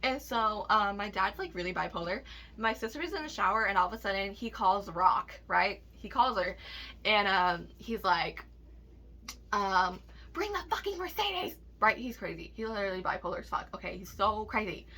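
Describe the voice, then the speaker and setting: A woman's voice: medium pitch, normal speed, sharp tone. A young woman vlogger telling a personal story in a candid, casual rant, swearing often and leaning on fillers and tag questions.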